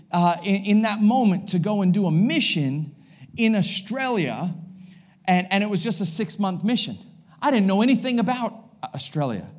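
An American guest pastor in his 40s preaches a sermon at a church service. He has a high voice and a lively, energetic delivery, joking and exclaiming throughout.

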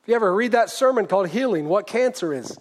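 A man with a high voice delivers a sermon, recounting a testimony story. He speaks earnestly, dropping to a hush and then rising to a near shout. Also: animated, fast. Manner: earnest, swings from hushed to shouted. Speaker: preacher.

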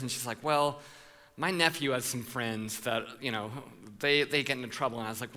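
A man preaching a sermon, telling a story with animated voices for the people in it and calling out to the congregation. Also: medium pitch, fairly quick, big-room sound. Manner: playful with the congregation, calls for responses. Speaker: pastor.

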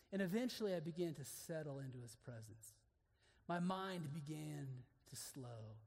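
A man preaching an earnest sermon to other men, moving between hushed, intimate passages and emphatic declarations. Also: a little high, expressive, moderate pace, big-room sound.

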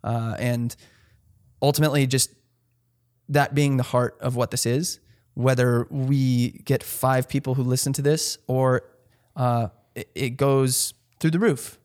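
A man's voice: medium pitch, fairly even intonation, measured pace, a little mellow. A man co-hosting a podcast, talking earnestly in a casual, rambling way with many restarts. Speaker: podcast co-host.

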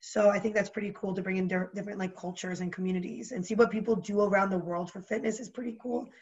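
A woman with a New Jersey accent chatting as a podcast guest, bubbly and animated, full of "like" fillers. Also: mid-range voice, quick pace, lo-fi sound. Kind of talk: casual chat.

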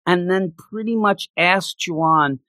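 A man with a slightly high voice talks casually as a co-host, retelling a story with feeling and acting out the characters' lines. The recording is dry and close, with no room sound. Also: slow pace, bright, forceful tone, dry recording. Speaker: podcast co-host recapping a game. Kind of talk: casual chat.

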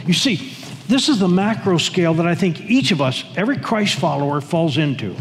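High-voiced pastor in a reverberant hall. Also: male voice, slight background noise. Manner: emphatic, repeats words and restarts. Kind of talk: sermon. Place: church sanctuary.

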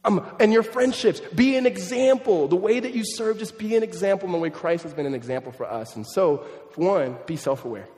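A pastor around thirty preaching a sermon in a conversational, animated way, mixing in humorous family stories. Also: male voice, sits high, fairly quick, few pauses, long reverb tail.

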